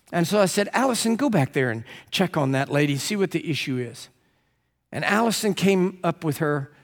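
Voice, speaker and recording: A man delivers a sermon in a church with a long, ringing reverb. His voice sits a little high for a man. He tells stories with animated energy and climbs even higher when he acts out other people's lines. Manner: animated, rising to high excited pitch when quoting. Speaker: preacher. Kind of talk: sermon with storytelling. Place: church sanctuary.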